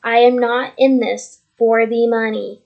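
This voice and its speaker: A woman's voice: fairly high pitch, steady tone, measured pace, creaky, lo-fi sound. A woman vlogging at home on her computer, talking earnestly and rambling, repeating herself as she shares her faith. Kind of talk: casual faith testimony vlog. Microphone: computer mic.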